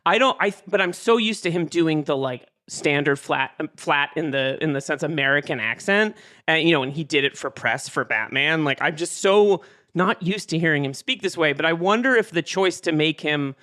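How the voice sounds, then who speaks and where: Bright-voiced curious podcast man. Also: a little high, lively intonation, normal speed. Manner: curious, questioning, eager. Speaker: podcast co-host. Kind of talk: casual film discussion.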